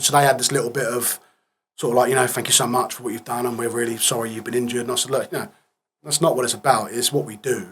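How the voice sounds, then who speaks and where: A man's voice: medium pitch, a bit bright, slight background noise. A man in his thirties, a podcast guest, recounting a war injury in plain-spoken, subdued casual talk that trails off in places.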